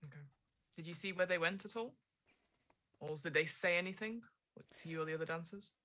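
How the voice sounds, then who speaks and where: A woman playing a tabletop game, answering in quick, playful remarks. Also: on the low side, bright, forceful tone. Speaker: player.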